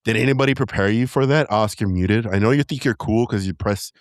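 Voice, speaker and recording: A man's voice: lowish voice, fairly quick, no echo, studio quality. A man hosting a casual podcast, joking around and steering the talk. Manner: lively, joking, loose. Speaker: podcast host.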